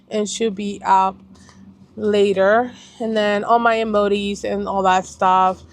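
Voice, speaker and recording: Chatty young woman from Puerto Rico. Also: medium pitch. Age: young adult. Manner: chatty, rambling, self-correcting and apologetic. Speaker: planner vlogger. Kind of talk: casual chat.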